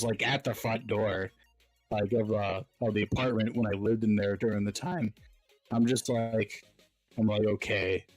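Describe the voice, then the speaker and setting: A male podcast host tells stories in a loose, rambling way, full of "like" and "uh" and breaking into laughter. His voice sits at an ordinary middle pitch. Faint music plays underneath. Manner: rambling storyteller, lots of fillers and laughs. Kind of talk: casual chat.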